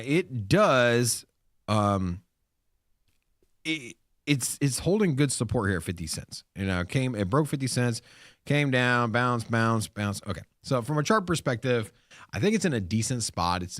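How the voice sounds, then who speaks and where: A man's voice: mid-range voice, no room sound. Guy co-hosting a crypto chat, rambles a lot, voice jumps all over, dry close sound. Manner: animated, rambling with restarts and fillers. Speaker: crypto show co-host. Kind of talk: casual chat.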